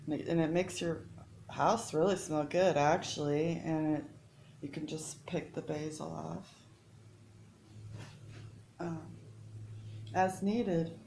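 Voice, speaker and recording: Home-cook woman, low unhurried voice, chatty and rambling, echoey kitchen with background noise. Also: fairly even intonation, vocal fry, warm tone. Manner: rambling, chatty, self-interrupting. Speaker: home cook showing recipes. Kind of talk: casual cooking demonstration.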